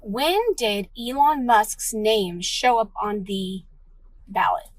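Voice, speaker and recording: A woman's voice: medium pitch, takes it slowly, low-quality recording. A woman ranting in an online video, indignant, firing rhetorical questions.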